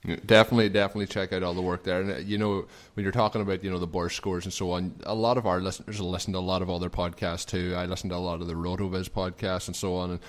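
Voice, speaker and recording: A man hosting a podcast, talking in a measured, analytical way. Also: sits low, flat delivery. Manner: measured, analytical, explains at length. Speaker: podcast host. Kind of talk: casual podcast chat.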